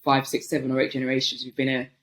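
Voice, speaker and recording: A woman from North London with a London accent, a guest talking in a thoughtful, animated, casual way, laughing often and filling with um and like. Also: a bass voice, rapid-fire. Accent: London English. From North London, England. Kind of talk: casual conversational interview.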